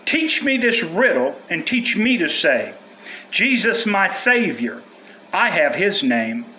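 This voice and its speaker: A man's voice: high-pitched, big pitch swings, takes it slowly, sharp tone. A man delivering a prophetic word with solemn, chanting repetition. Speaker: prophetic speaker.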